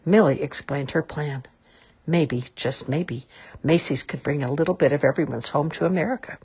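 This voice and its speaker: Husky-voiced woman reading a storybook. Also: sits low, normal speed. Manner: expressive, lilting. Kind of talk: storybook read-aloud.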